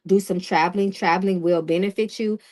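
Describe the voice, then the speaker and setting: A woman reading tarot live for an online audience, her pitch sitting right in the ordinary middle. She speaks plainly and directly, pausing to ask "okay?" and to call out to chat viewers between cards. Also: steady tone, darkish tone. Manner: direct and casual, often checking in with "okay?" and greeting chat viewers. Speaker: tarot reader hosting a live stream.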